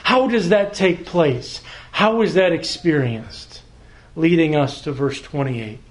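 High-voiced preacher, slow and emphatic. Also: male voice. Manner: slow, emphatic phrasing with repeated words and dramatic pauses. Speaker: pastor. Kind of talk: expository sermon.

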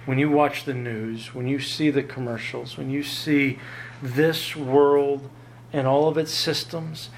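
A man preaching a sermon, emphatic and lively, often jumping up in pitch to drive home a point. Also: takes it slowly, vocal fry, slight background noise. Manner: emphatic, rises sharply in pitch to stress points. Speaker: pastor.

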